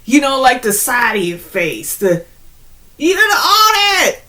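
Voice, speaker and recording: A woman giving an animated, slangy spiritual pep talk straight to her viewers, often laughing between points. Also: sits high, slow. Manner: preachy, addresses viewers directly. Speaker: spiritual channel host.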